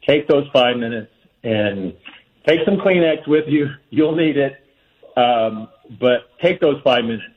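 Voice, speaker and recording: A man's voice: mid-range voice, animated, unhurried. A man calling in to a radio show, giving earnest, heartfelt advice. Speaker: caller. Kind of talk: call-in advice. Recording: dull phone-in line.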